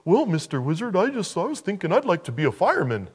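Guy doing a high eager cartoon turtle kid, all excited. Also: fast, breathy edge, in a large hall, exaggerated voice. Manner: excited, cries out.

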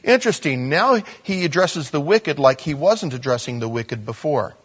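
Man, pastor preaching, husky voice, slightly higher pitch. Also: moderate pace. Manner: conversational preaching, animated bursts. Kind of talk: sermon.

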